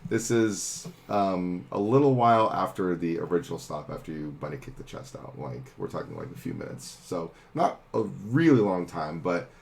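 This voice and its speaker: A man narrating as game master of a tabletop game, laid-back and chuckling, with sudden shouted sound effects. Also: sits low, sing-song, moderate pace, vocal fry, hardly any pauses, slight background noise.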